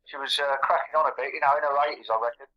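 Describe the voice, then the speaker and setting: A man's voice: medium pitch, fairly even intonation, very fast, lo-fi sound. A middle-aged man chatting as a guest, rambling and enthusiastic with lots of fillers. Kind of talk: casual chat.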